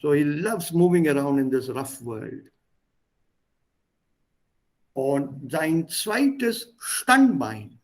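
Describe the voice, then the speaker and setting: A man's voice: fairly high pitch, big pitch swings, drawn-out words, pauses often. A man teaching a language, reading a text line by line and then translating and explaining it.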